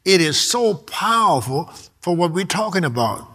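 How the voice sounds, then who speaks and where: A man's voice: high voice, sing-song, moderate pace, sharp tone, husky. A man preaching a sermon, reading scripture aloud and repeating his key words with emphasis.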